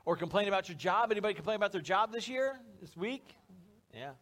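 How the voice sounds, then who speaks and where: Male pastor, higher-pitched, relaxed joking sermon delivery before a live church crowd. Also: fast talker. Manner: conversational, joking, acts out little scenes.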